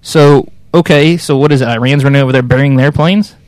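A man's voice: medium pitch, fairly quick, a little mellow, no echo. A man in casual conversation, talking in an opinionated, rambling way with many restarts. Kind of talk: casual chat.

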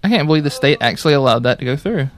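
A young man in casual chat with friends, wry and quick with jokes, often laughing. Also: medium pitch, lively intonation.

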